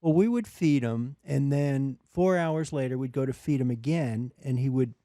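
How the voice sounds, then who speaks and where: A man's voice: mid-range voice, moderate pace, no echo, studio quality. A middle-aged man, a father, telling family stories in a casual chat and acting out the voices. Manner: animated storyteller, acts out voices.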